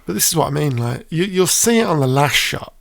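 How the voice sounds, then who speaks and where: A man's voice: fairly high pitch, animated, a little fast, vocal fry, fairly bright tone, no room sound, studio quality. A man co-hosting a casual video game graphics comparison, rambling with many ums. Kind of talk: casual commentary over footage.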